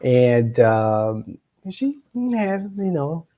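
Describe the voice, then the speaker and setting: A man's voice: mid-range voice, sing-song, very slow. A middle-aged man hosting a show, telling a personal story to the camera in a meandering way, with many filler sounds and chuckling asides. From Florida, United States. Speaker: political consultant and show host. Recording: dull lo-fi sound.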